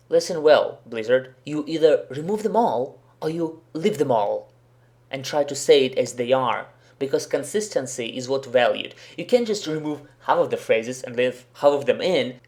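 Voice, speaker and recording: Host: man, mid-pitched, blunt and sarcastic, swears freely while critiquing. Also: a little mellow. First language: Russian. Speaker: host, professional interpreter. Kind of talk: commentary video.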